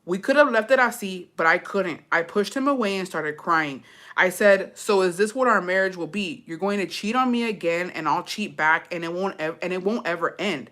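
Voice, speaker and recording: A woman's voice: fairly low pitch, moderate pace, a bit bright. A young woman reading a storytime aloud in slangy, profane English with Spanish mixed in, breaking off to laugh and comment.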